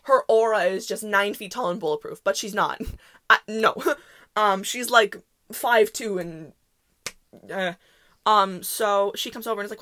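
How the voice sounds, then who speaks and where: A woman's voice: on the high side, a little fast, fairly bright tone. A young woman hosting a podcast, telling a story in a rambling, chatty way full of fillers. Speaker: podcast host. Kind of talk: casual storytelling monologue.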